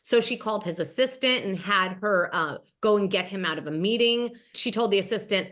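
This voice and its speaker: A woman host chatting about reality TV in an animated, gossipy way, talking straight to her viewers. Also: mid-range voice, fairly quick, few pauses. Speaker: podcast host. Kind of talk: casual gossip recap.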